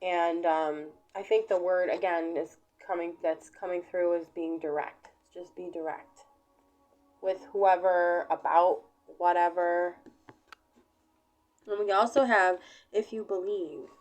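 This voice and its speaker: A woman reads tarot cards for her viewers in a slow, easygoing way, drifting along with plenty of fillers. Her voice sits a little low, and soft music plays faintly behind her. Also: steady tone, muffled recording. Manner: unhurried, rambling, with many fillers. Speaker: tarot reader. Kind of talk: casual tarot reading to camera.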